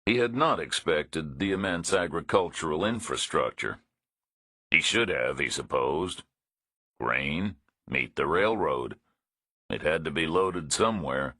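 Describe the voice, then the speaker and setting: A man narrating a thriller audiobook in a measured, understated reading. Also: very deep voice, lively intonation, sharp tone, husky, no echo, clean studio sound.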